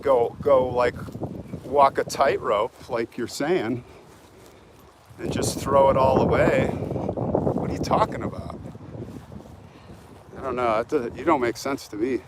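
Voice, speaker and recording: A man's voice: medium pitch, steady tone, slow, pauses often. Guy rambling on a live stream while walking around outside, phone mic, lots of wind noise in the background. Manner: talkative, reads viewer comments aloud and answers them. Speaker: vlogger hosting a live stream. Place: outdoors in a sunny cemetery. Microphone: phone held while walking.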